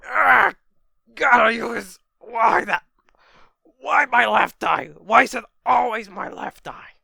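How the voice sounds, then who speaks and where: A man voicing a hot-headed one-eyed male villain, yelling in frustration. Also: mid-range voice, a little slow, creaky, no echo, studio quality, heavily acted. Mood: pained yelling.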